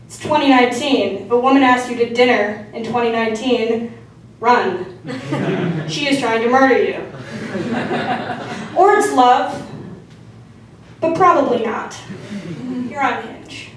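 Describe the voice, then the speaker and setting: Young woman comic, high voice, deadpan crude delivery, heard from far off in a very echoey hall. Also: unhurried, long pauses. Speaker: stand-up comedian. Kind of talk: stand-up set. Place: theatre stage. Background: audience laughter.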